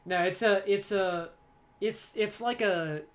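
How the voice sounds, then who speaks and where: A woman's voice: mid-range voice, slow. Podcast host, woman, giggly and rambling, casual group chat energy.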